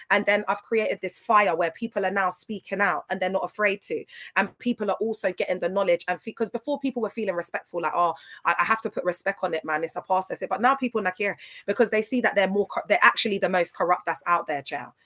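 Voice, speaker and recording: A woman's voice: medium pitch, a bit bright. A woman hosting a casual livestream, talking emphatically and repeating herself, tearful at times. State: tearful in places. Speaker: livestream host.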